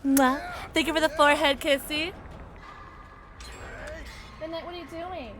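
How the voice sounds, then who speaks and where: A woman streamer chatting casually during a gameplay livestream, reacting loudly and reading chat aloud. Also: sits high, moderate pace. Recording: steady background noise.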